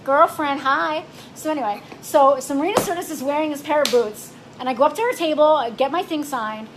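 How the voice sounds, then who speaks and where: A playful woman co-hosts a casual chat and jumps in with lively stories. Her voice sits high. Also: fairly quick, background noise. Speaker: co-host.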